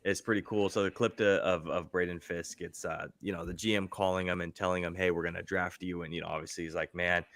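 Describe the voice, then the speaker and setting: A man with a deep, low voice talks football on a podcast in a relaxed, meandering way, dotting his thoughts with fillers. The sound is close and dry, with no room around it. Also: fast talker, hardly any pauses, no echo. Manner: relaxed, rambling, frequent fillers. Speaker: podcast co-host. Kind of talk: casual sports chat.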